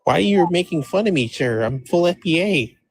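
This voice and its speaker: A man calling in with a put-on, croaky, frog-like fake voice, overly polite. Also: on the high side, animated, brisk, no room sound. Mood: mock innocent. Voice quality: croaky, Kermit-like. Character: caller in a put-on froggy fake voice. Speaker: caller.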